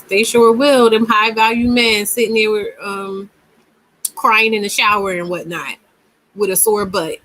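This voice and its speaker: A woman's voice: medium pitch, fairly bright tone, a little hiss or hum, rough recording. A woman hosting a casual commentary, reacting to a clip and reading comments aloud, emphatic and given to repeating words mid-thought.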